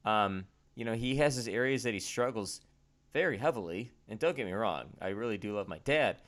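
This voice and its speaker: A man's voice: lowish voice, expressive, fairly quick, a bit bright. A man co-hosting a casual faith podcast, speaking in a candid, self-deprecating and earnest way. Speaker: podcast co-host.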